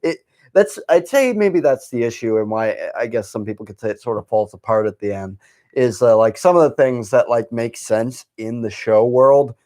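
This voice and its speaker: A man's voice: mid-range voice, expressive, moderate pace, darkish tone. A young man hosting a podcast, talking casually in a rambling way with lots of fillers and swearing. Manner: rambling, laughs often, swears, many fillers. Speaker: podcast host. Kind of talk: casual chat.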